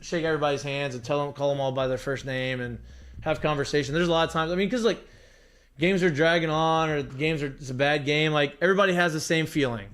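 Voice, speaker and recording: A man with a fairly high voice, talking in a relaxed podcast chat. He tells stories animatedly, leans heavily on "like" and swears freely as he vents about baseball. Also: fast. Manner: animated storytelling with heavy profanity and filler "like". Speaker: podcast guest, former baseball player. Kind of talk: casual chat.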